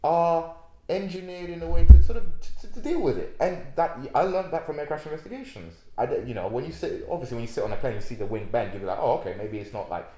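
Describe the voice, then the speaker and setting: A man's voice: on the high side, lively intonation, fast talker, mellow, reverberant, slight background noise. A man co-hosting a casual podcast, cracking jokes and earnestly explaining things. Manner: jokey interjections, earnest when explaining. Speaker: podcast co-host. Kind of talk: casual chat.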